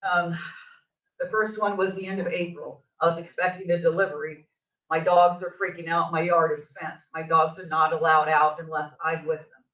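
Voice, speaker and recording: The echoey, dull, distant recording captures an older woman in a district office meeting room giving public comment to a board. Her voice is on the low side, delivered flatly at a moderate pace, yet she tells her story with agitated emphasis, rising toward the end.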